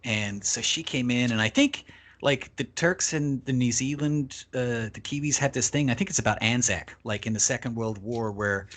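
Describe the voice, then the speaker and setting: A man's voice: mid-range voice, normal speed. Man telling a profane travel story. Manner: profane, animated anecdote-telling. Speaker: podcast guest. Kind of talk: casual storytelling.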